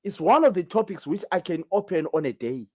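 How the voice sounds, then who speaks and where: Man, Zimbabwean accent, native Ndebele, call-in show host, animated pitch, emphatic, repetitive. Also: brisk. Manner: emphatic, many rhetorical questions, repeats himself. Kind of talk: solo call-in show commentary.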